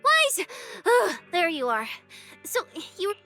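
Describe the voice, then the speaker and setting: A bubbly young security agent who teases, jokes and can't stop thinking about snacks. Her voice sits very high and swoops all over as she talks. Game music plays steadily under the dialogue. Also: wildly swooping pitch, slow, sharp tone, heavily acted. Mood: teasing. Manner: playful, teasing, food-obsessed. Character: bubbly greedy young female public security specialist. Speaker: game character. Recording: game audio with music behind.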